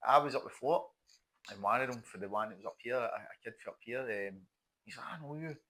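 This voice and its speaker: A man's voice: mid-range voice, quick pace, bright, forceful tone. A man hosting a podcast, chatting casually and agreeing with his guest. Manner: chatty, agreeable, short replies. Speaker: podcast host.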